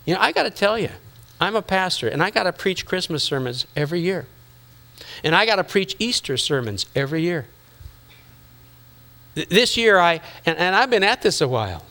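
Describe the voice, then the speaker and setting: A middle-aged man preaches a sermon in a high, bright voice. He keeps it conversational, teasing his listeners and acting out the thoughts people have. His delivery is lively and personal. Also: normal speed. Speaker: pastor.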